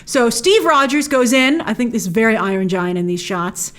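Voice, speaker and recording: A woman's voice: a little high, lively intonation, normal speed, fairly bright tone. A woman hosting an episode breakdown, narrating scenes with enthusiasm and playful quoted lines. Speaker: host.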